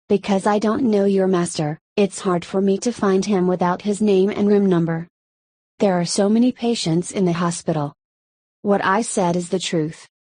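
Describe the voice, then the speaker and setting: A woman narrating a first-person story in a measured, even reading voice. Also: mid-range voice, dry recording. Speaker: story reader.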